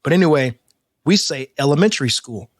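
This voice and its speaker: A man co-hosting a podcast in casual chat, talking in stammering restarts and getting animated as he makes a point. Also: medium pitch, moderate pace, no room sound, studio quality. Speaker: podcast co-host.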